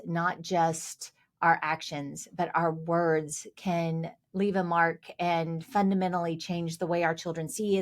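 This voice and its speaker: Woman, podcast host, lowish voice, thoughtful, measured. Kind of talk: podcast conversation.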